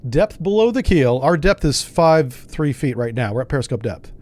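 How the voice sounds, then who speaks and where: A man's voice: medium pitch, sing-song, normal speed, darkish tone. A man hosting a gaming channel, giving casual gameplay commentary and thinking aloud in a wry, self-mocking way.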